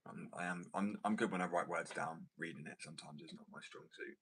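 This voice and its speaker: A man's voice: low-pitched, brisk, fairly bright tone, slight background noise, rough recording. An American man rambling and joking in a casual chat with his viewers, swearing freely. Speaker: streamer chatting with viewers.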